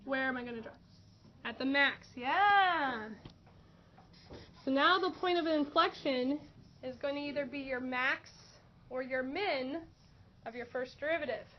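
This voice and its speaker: Woman, math teacher, high voice, dull lo-fi classroom recording, faint noise. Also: measured pace, long pauses. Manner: questioning, encouraging students. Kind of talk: classroom lesson.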